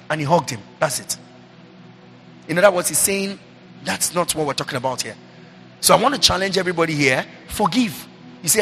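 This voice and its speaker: A middle-aged man, a pastor, preaching a sermon into a handheld mic, repeating himself and breaking into lively asides. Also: high-pitched, fast, gravelly, a little hiss or hum. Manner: preaching, repetitive, animated asides. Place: church hall. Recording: reverberant hall with faint ambience.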